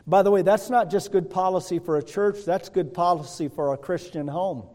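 A man preaching in a church with a fairly high, mellow voice. He talks in a folksy, conversational way, tossing asides to his listeners. The sound rings with a long reverb from the hall. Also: moderate pace. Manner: folksy, asks the congregation "Hello?". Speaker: pastor. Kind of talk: sermon. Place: church sanctuary.

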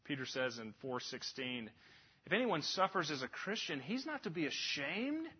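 A man preaching a sermon, earnest and emphatic, swinging between lifted passages and hushed drops. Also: a little high, sing-song, normal speed, breathy edge. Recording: dull lo-fi recording.

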